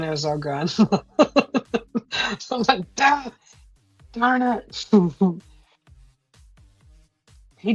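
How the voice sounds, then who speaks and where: Slow-talking sick woman streamer. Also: fairly low pitch, darkish tone, no room sound, lo-fi sound. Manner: chatty, rambling, laughs often, greets viewers. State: sick, throat still weak. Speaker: live stream host. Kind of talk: casual live stream chat. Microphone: computer microphone for live stream.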